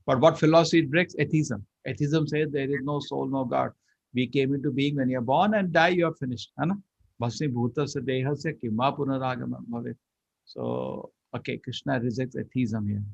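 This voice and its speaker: A man's voice: mid-range voice, animated, fairly quick, gravelly, highs cut off. A man teaching a scripture class, chanting Sanskrit verses and explaining them line by line. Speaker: Bhagavad Gita teacher.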